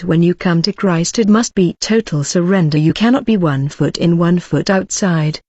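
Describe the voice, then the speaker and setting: Woman, narrator of a testimony, even read-aloud delivery, dry close sound, muffled lo-fi audio. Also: on the low side, no echo. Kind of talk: scripted narration. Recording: dull lo-fi recording.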